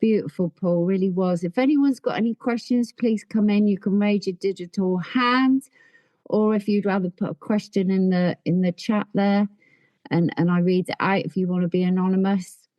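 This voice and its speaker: A woman's voice: medium pitch, normal speed, mellow, no echo. A woman hosting an online recovery meeting, chatty and effusive in her praise, on a video call. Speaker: meeting host.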